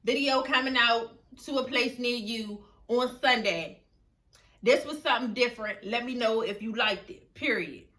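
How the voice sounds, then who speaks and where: A woman vlogger chatting casually while eating, relaxed and laughing often, recorded outdoors. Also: a little high, normal speed. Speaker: mukbang vlogger. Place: outdoors, windy.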